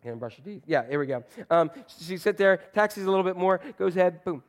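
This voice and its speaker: A man's voice: high voice, lively intonation, fast. A man preaching a sermon, telling a story in a loose, chatty way with fillers and restarts. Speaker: pastor.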